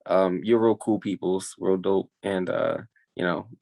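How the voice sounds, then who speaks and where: A man's voice: deep voice, fairly even intonation, a little slow, vocal fry, a little mellow. A young man co-hosting a podcast, talking in a loose, rambling way with lots of fillers. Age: young adult. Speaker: podcast co-host. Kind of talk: casual chat.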